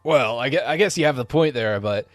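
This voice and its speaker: A man voicing a blunt, suspicious male caravan leader in a tabletop game, who yells and questions sharply. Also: mid-range voice, animated, brisk, no echo, voice pushed up, natural voice.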